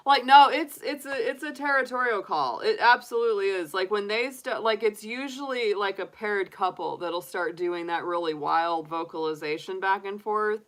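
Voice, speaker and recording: A woman's voice: mid-range voice, moderate pace, a bit bright. A middle-aged woman, giving a chatty, rambling tarot reading with lots of fillers. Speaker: tarot reader. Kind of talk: casual livestream tarot reading.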